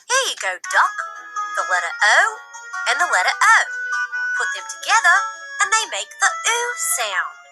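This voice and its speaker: A woman's voice: high-pitched, wildly swooping pitch, measured pace, loud music behind the voice, full character voice, poor audio. A woman voicing a cheerful female kangaroo in a children's cartoon, with a sing-song, playful manner. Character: cheerful female kangaroo who loves letters.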